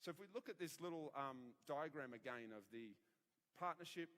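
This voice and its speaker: A man preaching a sermon as pastor in an animated, emphatic manner, straining a tired voice. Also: on the high side, moderate pace. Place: church. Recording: long reverb of a church hall.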